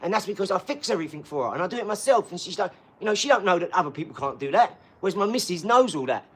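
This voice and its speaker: A man's voice: sits high, lively intonation, rapid-fire, breathy edge. A man chatting on a live stream from his garage gym, talkative and boastful, full of enthusiasm and rambling asides. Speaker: fitness streamer.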